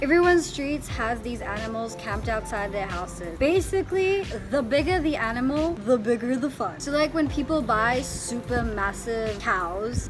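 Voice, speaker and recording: A young woman rambles cheerfully to her viewers in a relaxed vlog, laughing often and padding her sentences with "like". Her voice sits slightly high. Clear background music runs beneath her talk. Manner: chatty and giggly, filler-heavy with "like". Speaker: vlogger. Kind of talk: casual vlog chat.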